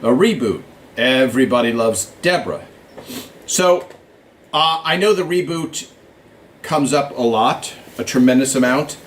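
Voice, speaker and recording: A man's voice: medium pitch, animated, a little slow, pauses often, a little hiss or hum. A man hosting a casual live Q&A stream from a small studio, chatting with viewers, greeting them by name and thinking aloud with plenty of fillers. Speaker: show writer hosting a live fan Q&A stream. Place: small studio with a blue backdrop, in Hollywood.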